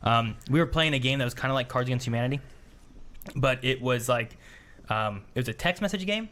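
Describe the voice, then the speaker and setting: A fast-talking man co-hosting a casual podcast. He tells stories from home and bounces into a higher voice when he quotes someone. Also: lively intonation, a bit bright, slight background noise. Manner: storytelling, quotes others in raised voice. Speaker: podcast co-host. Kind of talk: casual chat.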